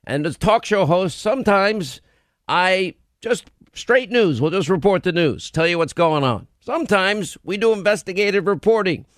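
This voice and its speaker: A man's voice: high voice, expressive, moderate pace, no room sound, studio quality. A male talk show host in an opinionated radio monologue, combative and sarcastic, rattling off lists of grievances.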